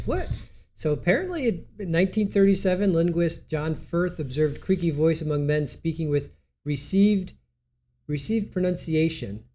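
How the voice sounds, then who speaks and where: A man hosts a live stream in loose, rambling chat, with a stuffy nose. His voice sits fairly high but sounds dark and mellow, and he laughs easily while he stumbles through text he reads aloud.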